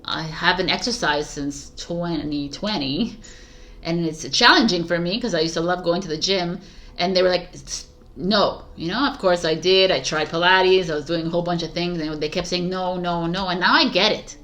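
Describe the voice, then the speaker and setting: A woman with a fairly low voice talks casually as a tarot reader, sharing her thoughts with viewers. She rambles and reflects aloud, trailing off with fillers and breaking into soft laughs. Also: moderate pace. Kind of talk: casual spiritual talk to viewers.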